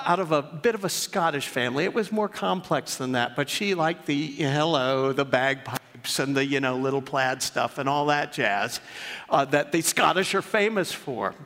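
An older man, a pastor, preaching a sermon in earnest storytelling fashion in a church. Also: medium pitch. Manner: earnest, warmly storytelling, rises when reading aloud. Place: church sanctuary. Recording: long reverb of a church hall.

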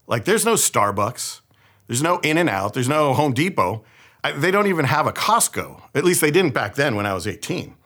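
A man's voice: medium pitch, a bit bright. A young man from the San Francisco Bay Area telling a personal story in a conversational sermon. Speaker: pastor.

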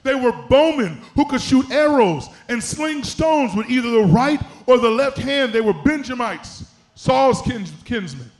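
A man's voice: extremely high pitch, expressive, unhurried, few pauses. A middle-aged man preaching a sermon in a church, building to chanted, emphatic peaks. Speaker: pastor.

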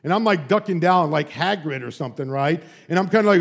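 High-voiced man preaching a sermon. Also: fast, creaky, slightly rough. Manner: animated storytelling, frequent asides. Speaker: pastor.

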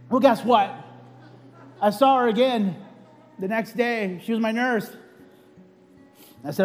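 A man's voice: sits high, a little slow, long pauses, soft background music. A man preaching a sermon, telling a personal story in a conversational way with frequent "right?" asides, then leading a prayer. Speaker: pastor.

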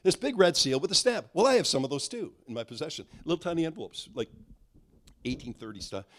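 A man's voice: on the high side, fast talker, slight background noise. A middle-aged man preaching a sermon, telling a story and acting out the dialogue, with frequent restarts. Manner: animated, acts out dialogue, restarts often.

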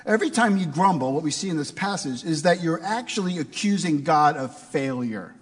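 A man's voice: fairly high pitch, expressive, moderate pace, slightly rough, in a large hall. A man preaching a sermon in a conversational way, asking his listeners rhetorical questions. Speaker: pastor.

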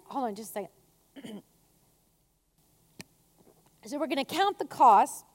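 A woman giving a chatty, animated faith talk to a women's gathering, telling stories with acted asides. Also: high voice, slow, pauses often. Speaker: speaker at a women's church gathering. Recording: long hall reverb.

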